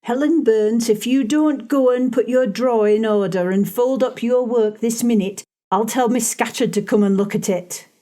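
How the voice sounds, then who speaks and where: Woman doing a rough, bossy Cumberland schoolgirl. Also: on the high side, normal speed, hardly any pauses, warm tone, close to an everyday voice. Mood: scolding. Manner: scolding, blunt.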